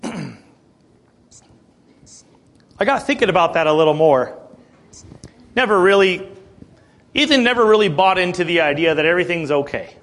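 A man in his late thirties delivers a sermon in a high, bright-edged voice that leaps up and drops low. He sounds earnest and conversational, breaking into asides and rhetorical questions. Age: 30s. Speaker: preacher.

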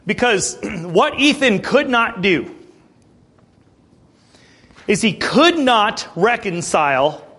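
A man in his late thirties delivers a sermon in a high, bright-edged voice that leaps up and drops low. He sounds earnest and conversational, breaking into asides and rhetorical questions. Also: very animated, slow, long pauses, breathy edge. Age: 30s. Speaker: preacher.

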